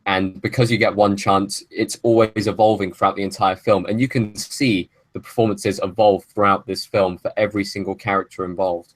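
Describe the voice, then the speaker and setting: Low, flat-toned man reviewing films. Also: no room sound. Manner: opinionated, long measured arguments. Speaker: podcast host. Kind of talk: casual film review chat.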